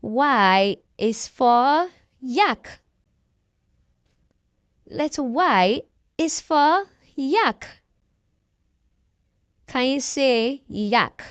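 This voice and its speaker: A woman narrates a slow, scripted alphabet lesson for toddlers, prompting them to repeat each animal word. Her voice sits high and is expressive, delivered very slowly with long pauses and no room sound.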